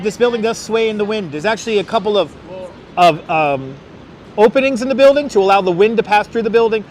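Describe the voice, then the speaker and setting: A man with a New York accent hosting a live walking-tour stream outdoors in the city, chatting casually and greeting viewers by name. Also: high-pitched. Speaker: livestream walking-tour host. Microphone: wireless clip-on mic. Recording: faint street traffic noise. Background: faint city traffic.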